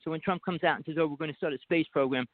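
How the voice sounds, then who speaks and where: A man's voice: a little high, racing, no echo. A man with a New Jersey accent, calling in to a talk show and talking at length in an insistent, rambling way, pushing on over interruptions. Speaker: guest caller. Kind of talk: casual talk show chat. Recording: dry tinny phone line.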